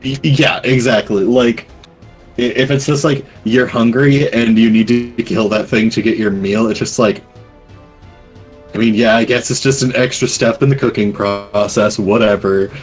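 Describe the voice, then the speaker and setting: A man narrating as game master of a tabletop game, casual and halting, with many fillers. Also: mid-range voice, steady tone, breathy edge, faint music behind.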